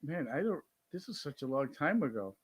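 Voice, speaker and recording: A man's voice: a little high, very animated, a little fast, breathy edge, no room sound. A man guest on a casual game-show chat, easygoing and joking. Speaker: guest contestant.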